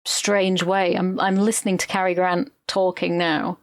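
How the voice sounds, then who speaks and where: A woman's voice: on the low side, little pitch movement, a little slow. A woman co-hosting a podcast in casual chat, retelling scenes animatedly and swearing freely. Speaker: podcast co-host.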